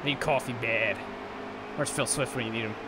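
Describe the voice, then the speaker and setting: A man's voice: mid-range voice, brisk. A man hosting a gaming channel, commenting live on a racing game in a frustrated, profane rant. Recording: race car engine noise behind. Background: racing game engine sounds.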